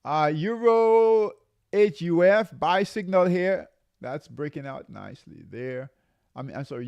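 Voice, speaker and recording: High-pitched and gravelly yet a little mellow, this trading show host has a clear, resonant tone, lively intonation, and no room sound. During a live market update he calls out buy and sell signals and keeps repeating drawn-out warnings, with plenty of fillers and restarts.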